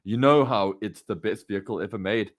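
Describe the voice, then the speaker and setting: A man's voice: lowish voice, brisk. A South African man co-hosting a podcast chat, enthusiastic and steering the talk between topics. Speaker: podcast co-host.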